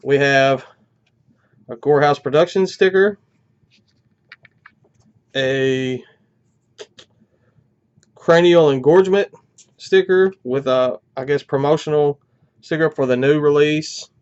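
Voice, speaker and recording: A man's voice: fairly high pitch, takes it slowly, pauses often, darkish tone, clean tone, dull audio. A man hosting a metal music channel, chatting casually at home through an unboxing, congested and a little out of breath, with many "uh" fillers.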